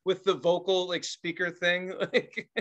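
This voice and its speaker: Guy on a podcast, bright voice, kinda high, tells stories, laughs a lot and shouts bits for effect. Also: a little slow, highs cut off. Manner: animated storyteller, laughs and yells quoted lines. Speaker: podcast co-host. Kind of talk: casual chat.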